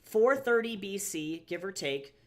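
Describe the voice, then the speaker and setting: A woman's voice: medium pitch, animated, a little slow. A woman streaming live as an artist, chatting casually with viewers, swearing freely and ranting with exasperation. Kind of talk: casual livestream chat.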